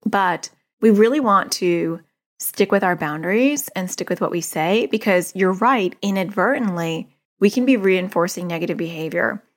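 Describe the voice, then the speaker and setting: A middle-aged woman giving casual parenting advice to a listener, animated and often acting out what kids and parents say. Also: mid-range voice, normal speed. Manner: animated, acts out quoted voices of kids and parents. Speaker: parenting coach answering a listener.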